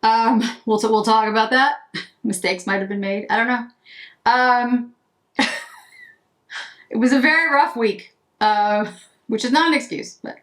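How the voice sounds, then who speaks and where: A woman's voice: mid-range voice, fairly bright tone. A woman beauty vlogger chatting casually to camera while doing her makeup, rambling and breaking off mid-sentence. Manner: chatty, rambling, self-interrupting.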